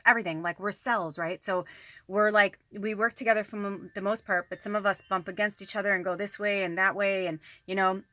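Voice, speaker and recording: A woman's voice: mid-range voice, bright, forceful tone, no echo. A woman who works as a psychic medium, talking to her viewers in a rambling, candid monologue, swearing often and speaking close to the camera. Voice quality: frequent swearing, rambling and emphatic. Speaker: psychic medium and channel host. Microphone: camera close to the face.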